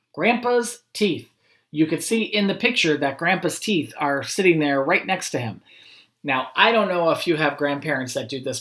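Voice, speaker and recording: A man, a school principal, reading a picture book aloud to children and chatting gently in asides. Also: fairly high pitch. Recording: roomy echo.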